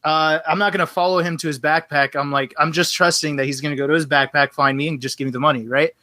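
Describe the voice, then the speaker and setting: Speaking fast in a fairly high voice, a male podcast guest tells a long, casual story with lots of animation. He plays both parties in the conversations he recounts. The recording is dry.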